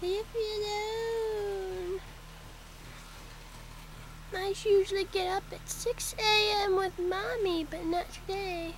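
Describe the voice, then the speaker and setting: A woman voicing her sleepy, grumpy female pet cat in a slow, whiny, drawn-out voice, on a noisy home video. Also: extremely high pitch, steady tone, pitched above the performer's own voice.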